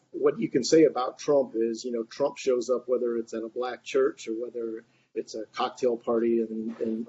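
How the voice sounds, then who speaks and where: A man's voice: medium pitch, warm tone. A man giving long, rambling remarks in a group discussion, full of fillers and restarts. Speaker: discussion participant. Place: online reading group. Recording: muffled, faint background noise.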